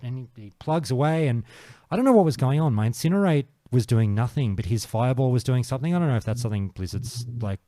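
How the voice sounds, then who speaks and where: A man's voice: medium pitch, lively intonation, fast, warm tone, no echo, studio quality. A man hosting a casual gaming podcast panel, swearing freely and telling stories with animation. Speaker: podcast host.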